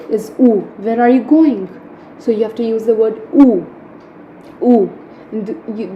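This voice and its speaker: Woman tutor, unhurried, mellow dark tone, roomy echo with faint hum. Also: on the high side, lo-fi sound. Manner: slow, repeats each word for learners. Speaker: French grammar teacher. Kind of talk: explanatory lesson. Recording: echoey room with faint hum.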